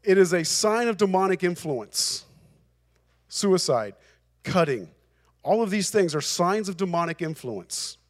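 A man's voice: high voice, very animated, measured pace. A male pastor preaching a sermon, emphatic and repeating phrases for emphasis.

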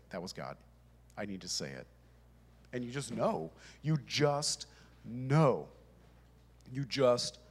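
A man preaching a sermon to a congregation in a conversational, emphatic way. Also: a little high. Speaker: pastor. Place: church with congregation.

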